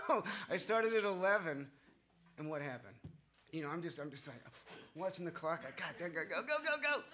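A man with a fairly high voice and a bright, forceful tone tells his own story to a group. He rambles, trips over his fillers and makes fun of himself as he goes. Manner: rambling and self-mocking, with many fillers and chuckles. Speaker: speaker sharing his story at a recovery meeting.

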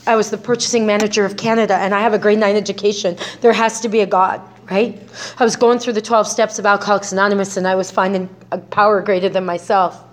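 A middle-aged woman sharing her recovery story in a personal testimony talk, speaking conversationally with many "right?" tags and restarts. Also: fairly high pitch.

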